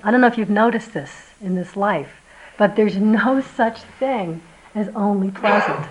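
A woman teaching meditation at a retreat, giving a gentle, reflective dharma talk and sometimes acting out voices as she tells a story. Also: mid-range voice, measured pace, slight background noise, poor audio.

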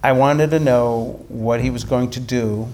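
Animated man telling a dharma story. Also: mid-range voice, a little slow. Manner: animated storytelling with frequent restarts. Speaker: meditation teacher.

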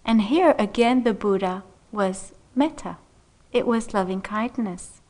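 A middle-aged woman meditation teacher telling a personal story in a dharma talk, unhurried and gentle, laughing softly often. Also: mid-range voice. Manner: unhurried, gentle, frequent soft laughs and "you know".

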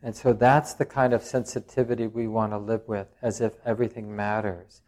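A man, a meditation teacher, giving a dharma talk in reflective, searching phrases with frequent pauses and touches of gentle humour. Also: lowish voice, level tone. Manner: plain-spoken and gently humorous.

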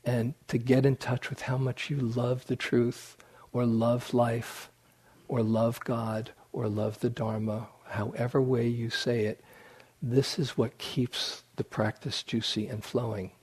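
A man giving a dharma talk as a meditation teacher, reflective and unhurried, speaking to an audience in a meditation hall. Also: mid-range voice, flat delivery, a little mellow, breathy edge.

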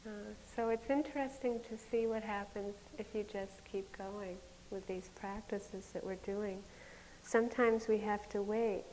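A woman's voice: medium pitch, steady tone, measured pace, a little mellow, a little hiss or hum. A woman meditation teacher giving a candid dharma talk at a retreat, with self-mocking stories that often break into laughter. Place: retreat center meditation hall. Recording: long hall reverb.

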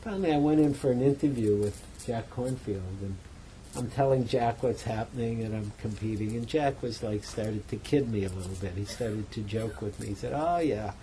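Man giving a relaxed, joking dharma talk. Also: on the low side, normal speed, slight background noise, poor audio. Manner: relaxed, chatty storytelling with self-mocking humor. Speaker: meditation teacher. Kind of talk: dharma talk to a retreat audience. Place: meditation center hall.

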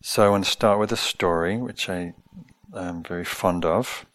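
Low-voiced male meditation teacher, slow, gentle and reflective. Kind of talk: dharma talk.

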